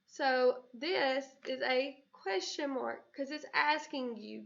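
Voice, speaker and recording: High, gravelly-voiced woman teaching children. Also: a little slow, few pauses. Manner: clear, patient explanation with playful, excited example voices. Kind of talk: recorded classroom lesson for children. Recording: dull lo-fi recording.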